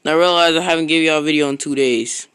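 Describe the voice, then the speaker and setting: A man streams a block-building game over his own streaming mic, chatting casually in a rambling, slangy style that often fades into a mutter. He talks fast in a somewhat high voice that is steady, a bit bright, and smooth. The recording has no echo but is low in quality.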